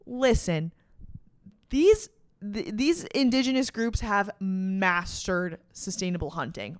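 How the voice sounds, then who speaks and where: A woman's voice: medium pitch, lively intonation, slow pace, dry recording. Young woman podcaster, casual and sweary, slangy, super dry sound. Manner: profane, slangy, dramatic emphasis. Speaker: podcast host. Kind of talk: casual retelling chat.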